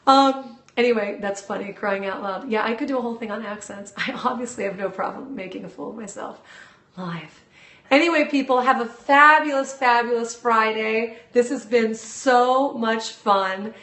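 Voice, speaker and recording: A fairly high-voiced woman hosts a casual live stream from her phone, bubbly and eager as she chats straight to her viewers. The room around her gives the voice a roomy echo. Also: normal speed, a bit bright. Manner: bubbly, enthusiastic, chatty with viewers. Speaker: live-stream host and video coach.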